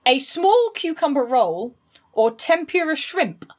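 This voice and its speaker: A chatty English woman co-hosts a podcast with a slightly high voice. She talks in casual chat with friends, laughing easily and restarting her sentences as she goes. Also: big pitch swings, slow pace, a little hiss or hum. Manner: chatty, self-interrupting, laughing. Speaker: podcast co-host.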